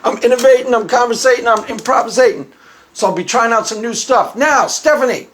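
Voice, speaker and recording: A man with a notably high voice talks through a loose, rambling commentary. He repeats himself, chuckles often and keeps a casual, offhand tone. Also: a little fast, a bit bright. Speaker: YouTube commentator. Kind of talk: casual monologue.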